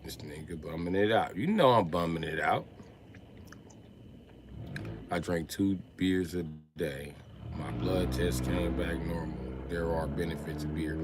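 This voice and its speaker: A man streaming live, riffing through a profane comic rant in an animated, swearing manner. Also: low voice, a little slow, slightly rough. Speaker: comedian streamer.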